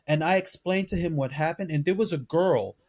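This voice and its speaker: Male podcast co-host, casual storyteller, lively quoted voices, fairly high voice. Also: brisk. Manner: animated, acts out quoted voices with pitch jumps.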